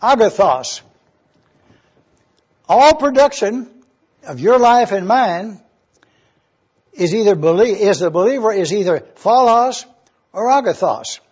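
A man's voice: high-pitched, lively intonation, slow, pauses often, darkish tone, breathy edge. An older man preaching a sermon, asking rhetorical questions and answering them himself, repeating key words for emphasis. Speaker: pastor. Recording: dull lo-fi recording.

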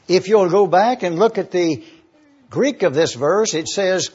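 A man teaching the Bible verse by verse, deliberate and careful, spelling out words letter by letter. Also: sits high, lively intonation, darkish tone, slightly rough, muffled recording.

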